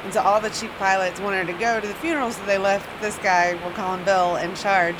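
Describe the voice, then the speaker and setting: A woman tells a rambling work story, correcting herself as she goes and laughing at it. Her voice is mid-pitched, with clear traffic and street noise behind her. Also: fairly even intonation, brisk. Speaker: flight attendant guest. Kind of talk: casual anecdote.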